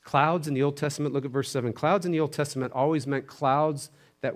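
A man preaching a sermon, building to loud emphasis with repeated phrases and dropping to hushed near-whispers. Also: a little high, steady tone, brisk. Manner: preaches with rising intensity and repetition. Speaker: pastor.

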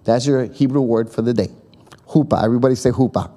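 In his sermon, a pastor talks fast in a mellow, mid-range voice, spinning a story in a chatty manner. He voices the characters himself and frequently checks in with those listening.

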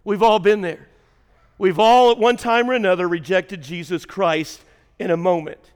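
A male pastor preaching a sermon in a church, swinging between shouted emphasis and hushed, near-whispered lines. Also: sits high, fairly even intonation, normal speed, smooth. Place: church sanctuary. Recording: long hall reverb.

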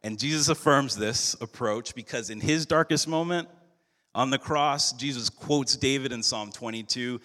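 A man's voice: medium pitch, bright, forceful tone. Man preaching in a reverberant hall. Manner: earnest, measured preaching with slowed emphatic phrases. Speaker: pastor. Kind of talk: sermon.

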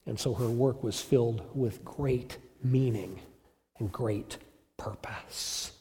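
A man's voice: mid-range voice, slow pace, mellow, big-room sound. A male pastor preaching a sermon in an emphatic storytelling manner with rhetorical questions.

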